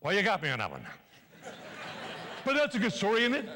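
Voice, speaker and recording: An older man giving a live motivational speech to an audience in a large hall, animated and playful as he urges the crowd along. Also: high voice, fairly quick, a little hiss or hum. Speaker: motivational speaker. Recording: long reverb in a hall.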